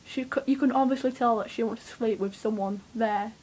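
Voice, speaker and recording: A young woman, telling a rambling, excitable story to camera, swearing freely and with lots of fillers. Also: fairly high pitch, fairly quick, breathy edge, poor audio. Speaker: vlogger.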